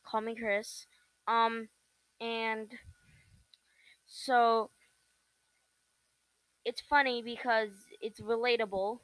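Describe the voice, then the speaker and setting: A young woman hosting her own podcast, chatting casually about videos she likes, rambling and halting with many fillers and restarts. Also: fairly high pitch, flat delivery, fairly bright tone, no room sound, poor audio. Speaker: podcast host. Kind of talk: casual solo podcast chat.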